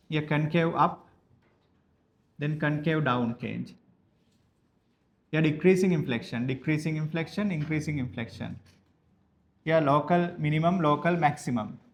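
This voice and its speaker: A man from Sri Lanka, teaching a maths class slowly and repeating each phrase so students can write it down. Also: a little high, a little hiss or hum. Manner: slow, repeats each phrase for note-taking, spells words out. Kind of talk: dictated classroom lesson.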